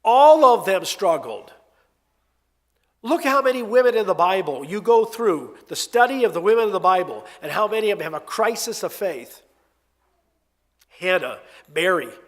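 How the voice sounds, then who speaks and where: A man preaching a sermon in an expressive, conversational storytelling way with emphatic swings. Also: high-pitched. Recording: long hall reverb.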